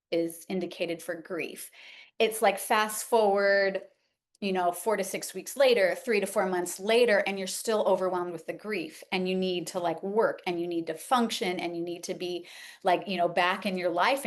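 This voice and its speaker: A middle-aged woman teaching in a conversational lecture, with many fillers and "like". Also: medium pitch. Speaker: homeopathy educator. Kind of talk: informal lecture.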